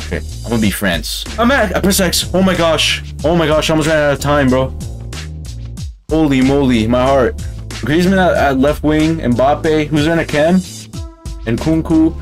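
A man commentating on his own football game matches, excitable and yelling at the screen. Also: a little high. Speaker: gaming channel host. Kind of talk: gaming commentary.

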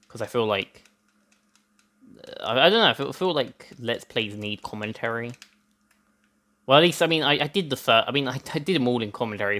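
A man's voice: lowish voice, sharp tone. A young man hosting a let's play, chatting through gameplay in a rambling way with lots of restarts, hot and a little out of breath. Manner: chatty, rambling, self-interrupting with many restarts. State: hot and sweaty, a bit out of breath. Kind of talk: gameplay commentary.

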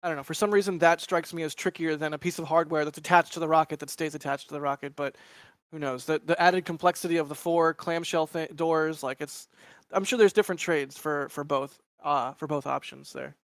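A man's voice: a little high, steady tone, fairly quick, fairly bright tone, no room sound, studio quality. A man co-hosting a live show in casual chat, thinking aloud in a tentative way. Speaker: co-host, photographer.

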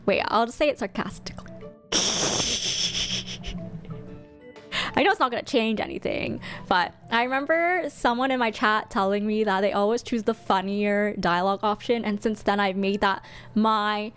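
A young woman streamer chatting casually while reacting to a game, excitable and chatty. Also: medium pitch, brisk, soft background music.

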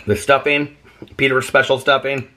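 A man vlogging in his home kitchen, chatting in a rambling, animated way and laughing often. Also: medium pitch, normal speed. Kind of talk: casual chat.

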